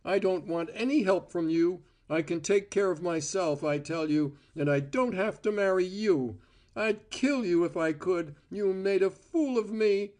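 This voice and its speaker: A male audiobook reader performs a scornful young woman, sharp and contemptuous. Her voice rides well above a man's usual pitch and swings widely. It turns shrill and screaming. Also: animated, measured pace. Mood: hysterical rage. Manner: scornful and bitter. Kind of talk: audiobook character voice.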